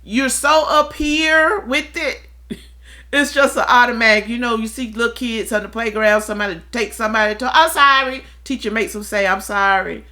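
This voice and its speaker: A woman in a relaxed discussion, talking candidly and earnestly about her own experiences and acting out the people she quotes. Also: mid-range voice. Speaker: discussion panelist. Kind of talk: reflective conversational talk.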